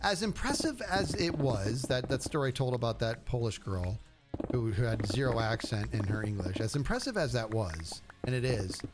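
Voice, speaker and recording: A man's voice: medium pitch, lively intonation, moderate pace. A middle-aged man chatting casually on a live game stream, rambling and chatty, often repeating words as he talks. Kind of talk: casual live-stream chat while gaming. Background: background music.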